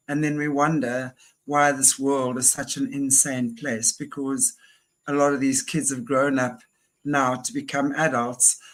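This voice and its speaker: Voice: medium pitch, rough recording. A podcast host interviewing a guest, reacting emphatically and with outrage.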